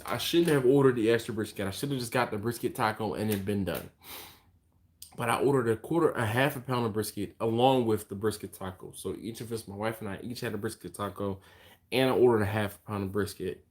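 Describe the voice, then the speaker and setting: A fairly low-voiced man hosting a casual live stream, tired and yawning between thoughts. He rambles on in a loose, chatty way and stops to answer viewer comments. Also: brisk. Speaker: barbecue channel host.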